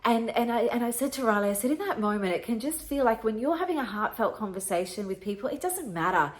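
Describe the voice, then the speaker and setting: A woman's voice: a little high, expressive, fast. A middle-aged woman hosting a podcast, telling an emotional personal story in an earnest way, often repeating herself. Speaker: podcast host.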